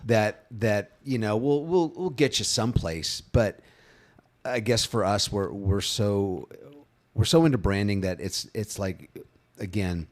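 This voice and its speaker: A man in his fifties co-hosting a casual branding podcast, with a fairly low voice. He talks in an animated way, leaping up in pitch to act out the people he quotes. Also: a little slow. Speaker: co-host, brand strategist.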